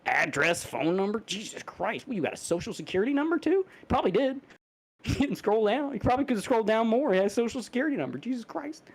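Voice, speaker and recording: A man's voice: high voice, sing-song, quick pace, slightly rough. A man co-hosting a podcast, telling a story in casual chat, laughing, swearing and restarting his sentences. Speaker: podcast co-host.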